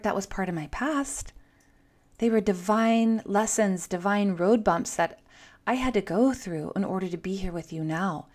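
A middle-aged woman hosts a motivational talk and speaks earnestly, straight to the listener. Her voice sits at an ordinary middle pitch for a woman. She talks in a personal, direct way. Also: a little mellow. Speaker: podcast host. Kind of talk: motivational monologue.

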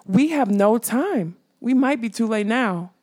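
A woman's voice: mid-range voice, animated, normal speed, a little mellow, close to an everyday voice. A woman voicing an anxious, pleading young woman. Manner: pleading, nervous. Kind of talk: audiobook reading.

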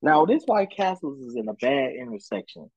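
A young adult man co-hosting a podcast, telling a story in casual, profane chat and acting out quotes in a higher voice. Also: big pitch swings, normal speed, darkish tone, slightly rough, dry recording, muffled recording. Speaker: podcast co-host.

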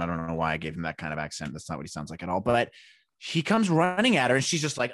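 A man co-hosting a podcast in casual chat, joking and animated, often laughing and jumping his pitch up for emphasis. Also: quick pace, no echo, clean studio sound. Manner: joking, animated, jumps into silly voices and laughs. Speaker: podcast co-host.

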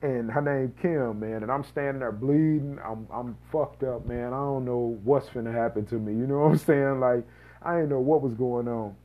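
A man's voice: medium pitch, moderate pace, phone-quality sound. A man from Missouri casually telling a personal story on his podcast, rambling and slangy with lots of asides. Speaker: podcast host.

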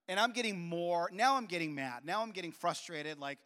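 Man, 40s, preacher; high voice, animated storytelling, long hall reverb. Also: brisk, smooth. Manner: animated, with repeated restarts and acted-out dialogue. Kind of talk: personal storytelling sermon.

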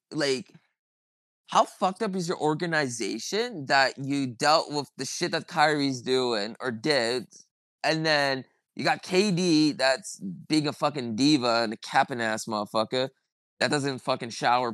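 A man's voice: medium pitch, a bit bright, no echo. A man hosting a podcast, ranting about basketball in a heated, profane, rambling way. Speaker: podcast host. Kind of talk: casual sports chat.

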